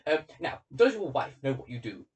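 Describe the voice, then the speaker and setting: Man reading a shocked, fussy colonel: brisk questions, medium pitch, slightly distant mic. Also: big pitch swings, close to an everyday voice. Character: fussy older male security colonel, easily shocked.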